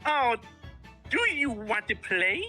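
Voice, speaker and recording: A player voicing an eccentric young female inventor during a fan reading of a game, halting and stumbling over the words. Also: mid-range voice, animated, bright, forceful tone, faint music behind, heavily acted. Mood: playful.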